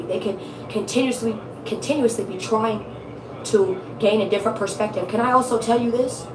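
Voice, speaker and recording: A woman's voice: on the high side, roomy sound, distant mic, a little hiss or hum, low-quality recording. A woman giving a casual tarot reading, blunt, emphatic and profane, repeating her points for stress. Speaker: tarot reader.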